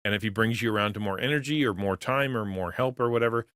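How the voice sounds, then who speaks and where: A middle-aged man speaks earnestly to his livestream chat in a low voice. He rambles, stops and starts, and repeats words as he thinks aloud. The sound is close and dry, with no room echo. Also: fast, a bit bright. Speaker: streamer and pastor to creators. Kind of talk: casual livestream talk with chat.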